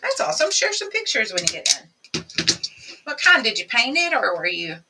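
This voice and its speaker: A woman hosts a live crafting demonstration, chatting with viewers as she works. Her fairly high voice swoops wildly in pitch at normal speed, captured on a distant mic in a very noisy recording.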